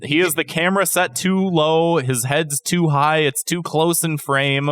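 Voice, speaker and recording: A man's voice: on the high side, fairly even intonation, a little slow, fairly bright tone, dry recording. A man co-hosting a comedy podcast, making dry, offhand complaints in casual chat. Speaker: podcast co-host.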